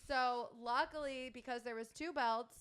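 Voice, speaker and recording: A woman's voice: high-pitched, steady tone, moderate pace, a bit bright, smooth. A woman co-hosting a podcast, recapping events in casual chat and laughing often as she tells stories. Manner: chatty, laughs often while storytelling. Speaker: podcast co-host.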